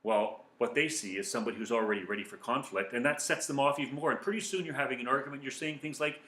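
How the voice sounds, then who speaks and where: A man giving calm, earnest self-help advice as a coach speaking to viewers. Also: mid-range voice, fast talker, few pauses. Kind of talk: motivational talk to viewers. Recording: echoey room.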